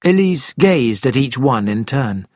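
Guy narrating an audiobook, plain steady reading, dry close mic. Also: mid-range voice, a little slow, no room sound.

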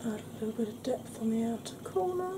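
A woman explaining her makeup steps in a soft, chatty ASMR tutorial, often clearing her throat. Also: a little high, expressive, fast talker, noisy background. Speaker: beauty vlogger.

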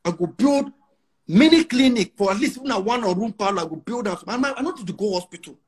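High, husky and animated, the voice belongs to a roughly forty-year-old Igbo man from Nigeria with a Nigerian Pidgin English accent, speaking at a quick pace. He's a musician guest in a casual interview, brashly emphatic and repeating lines for effect.

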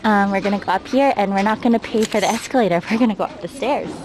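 A woman's voice: medium pitch, quick pace. A woman livestreaming while climbing outdoor stairs, out of breath, talking through a face mask and chatting casually with viewers by name. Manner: chatty, greets viewers by name, self-deprecating. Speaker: travel livestreamer. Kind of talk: casual livestream chat, reading chat aloud. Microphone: wearing a face mask while talking. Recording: outdoor livestream with background noise.

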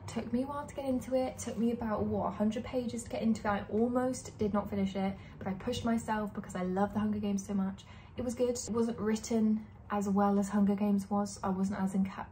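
A chatty young woman in her twenties talks straight to camera in a relaxed vlog. Her speech is candid and rambling, full of fillers. A faint hiss sits under her voice. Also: mid-range voice. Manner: chatty, candid, lots of likes and ums. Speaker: book vlogger. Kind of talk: casual chat.

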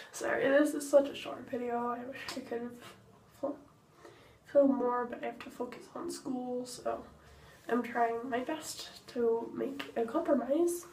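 Woman vlogger, high bright voice, rambling bedtime chatter, echoey room, off-mic, faint ambience. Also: fairly even intonation, measured pace, pauses often, recorded from a distance, a little hiss or hum. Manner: rambling, chatty, drifts between thoughts. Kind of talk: casual daily vlog chat. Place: home, getting ready for bed.

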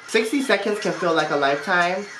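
A woman reacting to a movie in casual commentary, expressive and exclamatory, laughing often. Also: on the low side, brisk. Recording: roomy echo with faint music.

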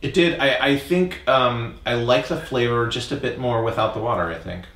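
A man chatting casually while tasting whisky with friends, hesitant and playful, with many fillers and restarts. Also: normal speed. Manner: hesitant, playful, lively pitch. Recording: roomy, distant mic.

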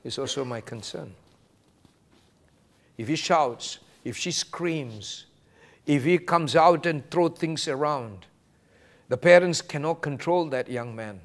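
A man preaching a sermon as pastor, quoting scripture and acting out short exchanges with animated delivery. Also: on the high side, slow pace, pauses often.

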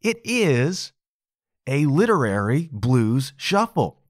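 A male podcast host talks through a subject on his own, in a lively voice that swings high and low. He speaks casually and with emphasis, tosses in "right?" and "okay?", and laughs at his own jokes. The sound is dry and close, with no room echo. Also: slow. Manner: chuckles at his own asides. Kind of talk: casual solo explainer monologue.

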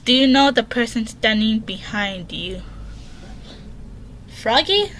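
A woman's voice: fairly high pitch, normal speed, fairly bright tone, slight background noise. A woman in her bedroom giving casual horror game commentary, reading questions aloud and answering them in a jumpy, chatty way. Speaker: gaming channel host.

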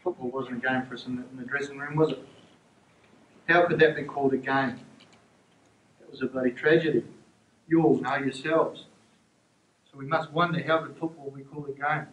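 A man addressing his team earnestly and slowly, asking rhetorical questions, in an archival recording. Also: mid-range voice, fairly even intonation, a bit bright, slight background noise. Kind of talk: archival speech. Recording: echoey dull archival recording.

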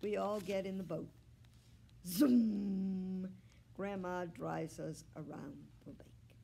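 A woman, a children's librarian, reading a children's book aloud in an expressive, unhurried way. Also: on the low side, creaky, husky.

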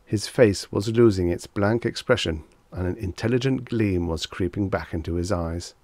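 A man narrating a vintage short story as an audiobook, in a steady, measured storytelling manner. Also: deep voice, dry recording.

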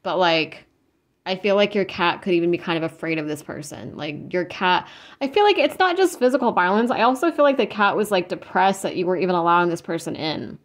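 A woman's voice: lowish voice, lively intonation, a little fast. Rambling earnest woman tarot reader. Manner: rambling, full of "like" and restarts; earnest, emotionally moved. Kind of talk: casual psychic reading to camera.

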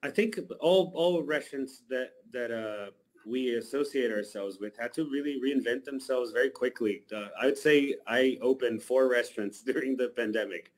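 A man's voice: mid-range voice, rough recording. Chef guy on the radio, medium voice, chill and thoughtful. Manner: relaxed, thoughtful, measured. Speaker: chef, interview guest. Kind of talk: radio interview answers.

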